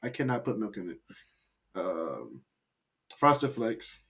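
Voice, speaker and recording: A man's voice: lowish voice, sing-song, slow pace, vocal fry, fairly bright tone. A man hosting a podcast, joking and bantering in casual chat. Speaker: podcast host.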